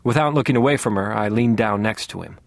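A man's voice: lowish voice, quick pace, vocal fry, dry recording. Man reading a novel, dry and wry. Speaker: audiobook narrator. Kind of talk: scripted first-person novel narration.

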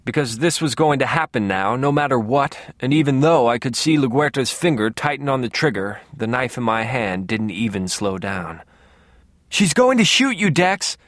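A man narrating an audiobook in the first person, in a low-key, measured way, close to the mic. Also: no room sound.

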